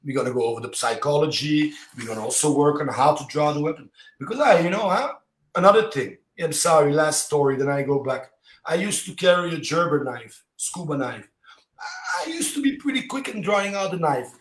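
A man, a martial arts instructor, chatting as a podcast guest. He tells stories animatedly in quick fragments, with many "you know"s. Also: fairly high pitch, animated. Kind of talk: casual interview storytelling. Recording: roomy echo.

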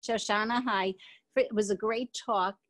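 A woman in the audience of a video call asking the speaker a quick, casual question. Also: mid-range voice, fairly even intonation, fairly bright tone. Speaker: audience member.

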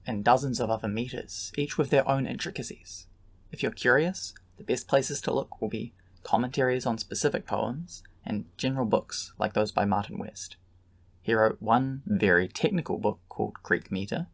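A man giving a scripted lesson, measured and explanatory, who at times chants patterns of long and short beats. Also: lowish voice, gravelly. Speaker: teacher explaining Greek metre. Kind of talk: scripted educational narration.

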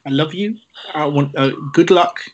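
A man's voice: a little high, normal speed, muffled recording, background noise. A man co-hosting an online comedy show who chats enthusiastically and affectionately between acts. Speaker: comedy club co-host. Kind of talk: upbeat chat.

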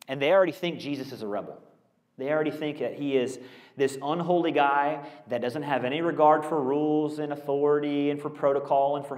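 A male pastor preaching a conversational, animated sermon with rhetorical questions. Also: mid-range voice. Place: school auditorium used as a church. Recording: echoey auditorium.

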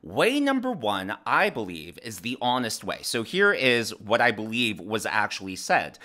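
A man's voice: fairly low pitch, normal speed. A man hosting his own political commentary channel, talking emphatically and breaking his points down step by step. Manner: animated, emphatic, explains step by step. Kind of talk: opinionated commentary.

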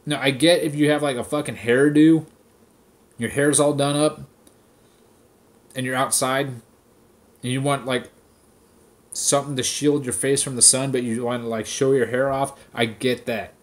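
A man's voice: medium pitch, fairly even intonation, moderate pace, long pauses. A man hosting a podcast, ranting casually with heavy swearing and mocking impressions of people. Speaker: podcast host. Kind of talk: casual profane rant.

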